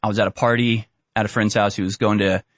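A man's voice: fairly low pitch, little pitch movement, fast talker, no echo. A man hosting a commentary show, ranting bluntly and with exasperation. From Houston area. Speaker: commentary host.

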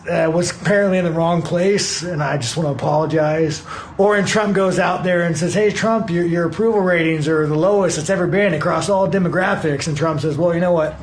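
A fighter speaking in a clip, sarcastically apologizing in a halting, mock-sincere way. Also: male voice, a little high, slight background noise. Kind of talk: sarcastic video statement.

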